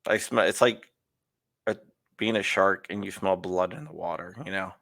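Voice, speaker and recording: A man with a lowish voice and a crisp, forceful edge hosts a casual live chat. He rambles and restarts his sentences and laughs as he talks. The sound is close and dry, with no room around it. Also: normal speed, dry recording. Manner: rambling, restarts often, laughs while talking. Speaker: host. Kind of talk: casual live-stream interview.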